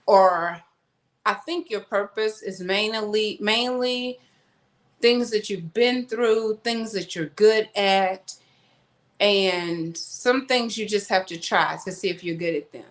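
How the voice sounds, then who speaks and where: A woman's voice: medium pitch, slow. A woman chatting casually to her viewers while unpacking groceries at home. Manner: chatty, rambling, talks to viewers as y'all. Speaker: vlogger. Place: at home, kitchen. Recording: echoey room, faint noise.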